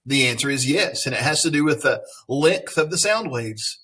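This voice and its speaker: A man's voice: medium pitch, lively intonation, normal speed, bright, forceful tone, slightly rough. A man teacher reading a science text aloud to his students, adding friendly, playful asides and questions. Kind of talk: recorded classroom lesson reading aloud.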